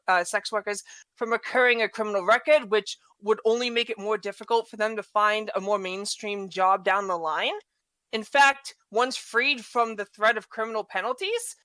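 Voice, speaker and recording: A woman with a thick non-native English accent reads a prepared argument as a podcast guest. Her voice is bright and forward, the sound dry and close. She trips over words now and then and restarts. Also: mid-range voice, dry recording. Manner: stumbles and restarts, laughs it off.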